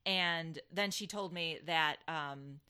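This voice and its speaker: Bright-voiced woman telling a story. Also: low voice, slow pace, clear, resonant tone. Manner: animated storyteller, hesitant restarts, dramatic hushed delivery. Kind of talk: casual storytelling chat.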